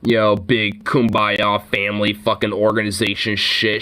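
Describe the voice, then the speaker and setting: A man's voice: on the low side, completely flat delivery, normal speed, bright, forceful tone, clear, resonant tone. A man giving a sarcastic, swear-heavy reaction commentary, ranting and mocking what he hears. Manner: mocking sing-song interjections.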